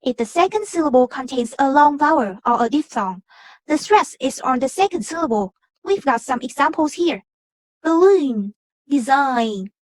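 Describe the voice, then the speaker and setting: A young woman from Vietnam, a student, reading a class presentation on word stress in a measured, explanatory way. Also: sits high, animated, dry recording. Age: young adult. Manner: measured, explanatory, reads from a script.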